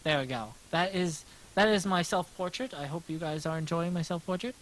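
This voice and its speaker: An American man with a gentle, smooth voice, rambling casually to his livestream chat while he draws, self-deprecating and answering questions as they come. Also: on the high side, brisk, slight background noise, poor audio. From United States. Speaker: livestreaming artist.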